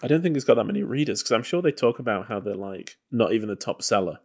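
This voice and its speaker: Here a podcast co-host talks quickly and expressively in a medium-pitched, slightly mellow voice. He's loosely discussing an old film in a casual review chat, hedging often and leaning on plenty of fillers.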